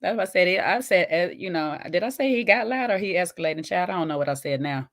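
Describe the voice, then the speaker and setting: A woman hosting a casual reaction video, chatty and folksy, with loud, laughing asides. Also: on the low side, quick pace. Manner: chatty and folksy, calls viewers "child" and "baby".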